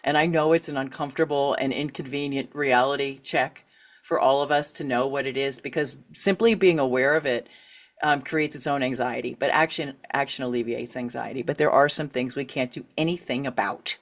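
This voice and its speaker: A middle-aged woman, an author and writing coach, speaking candidly as an interview guest. She is animated, laughs often and acts out quoted reactions. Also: a bass voice, a little fast.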